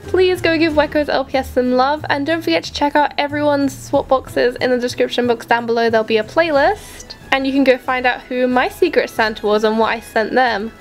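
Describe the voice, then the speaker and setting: A woman unboxes gifts in a vlog, gushing and excitable as she gasps over each one. Her voice sits high and bright. Soft music plays faintly behind her. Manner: gushing, excitable, gasping with delight. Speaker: LPS collector vlogger.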